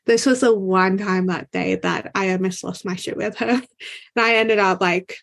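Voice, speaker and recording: Woman guest, mid-pitch, animated, exasperated storyteller in casual chat. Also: moderate pace, vocal fry. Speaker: interview guest. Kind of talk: personal storytelling in conversation.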